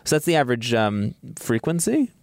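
A man's voice: medium pitch, sing-song, moderate pace, dry recording, clean studio sound. A man who is a science editor, explaining research findings in a wry, informative conversational way.

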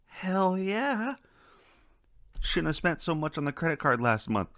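A man's voice: a little high, fairly quick, bright, forceful tone, no room sound, clean studio sound. A man hosting a casual podcast chat, swearing freely and wandering into rambling asides. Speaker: podcast host.

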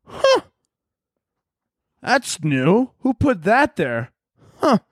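A dim, nosy wild turkey, as a man puts it on for a comedy podcast bit, musing slowly to itself in a high, wondering voice. It is gullible and wanders toward danger without a second thought. The voice is dry and close. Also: wildly swooping pitch, dry recording, heavily acted. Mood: curious.

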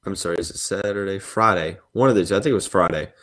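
A man with a very low voice hosts a solo sports podcast, breaking down basketball news at length. He rambles, circles back and fills gaps with "you know" and "um" as he works through his points. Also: fast talker, a bit bright. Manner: rambling, many fillers and restarts. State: yawning and sneezing.

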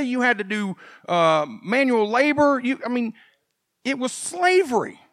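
A male pastor preaching a sermon, animated and swinging from quiet folksy asides to loud emphasis. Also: extremely high pitch, moderate pace, dry recording, clean studio sound.

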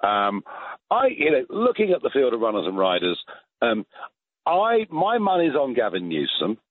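A man's voice: medium pitch, wildly swooping pitch, moderate pace, no room sound. A British man in his sixties, a guest commentator on a phone-in, talking emphatically and often restarting his words. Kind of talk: phone-in political chat. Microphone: telephone. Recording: tinny phone line.

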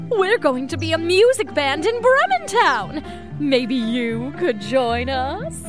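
An upbeat storybook donkey, as a woman acts him out, high and bouncy, with big swoops and a slow, deliberate delivery. He is encouraging, dropping into low growls for his nicknames. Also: sing-song, over music, exaggerated voice. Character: friendly male donkey, upbeat band leader.

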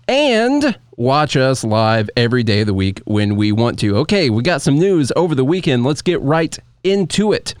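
A man's voice: mid-range voice, no echo, clean studio sound. A man co-hosting a podcast, talking in casual, joking banter with his co-host. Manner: joking, laid-back banter. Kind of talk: casual chat.

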